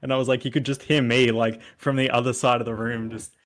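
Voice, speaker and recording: A man's voice: medium pitch, flat delivery, fast talker. A young man co-hosting a casual podcast, telling stories loosely and laughing often. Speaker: podcast co-host. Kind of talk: casual chat.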